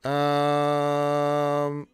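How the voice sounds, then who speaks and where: A man's voice: fairly high pitch, monotone, drawn-out words, clear, resonant tone, no room sound. A man hosting a live game stream, congested from allergies, chatting in a laid-back, rambling way as he reads viewer comments.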